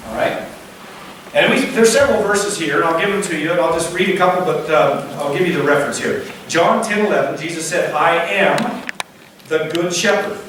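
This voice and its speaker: A man's voice: fairly high pitch, brisk, a bit bright. A male pastor preaching a sermon in a conversational way, often checking in with "all right?" and asking rhetorical questions, recorded from a distance in a church. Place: church sanctuary. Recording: echoey church hall from a distance, faint noise.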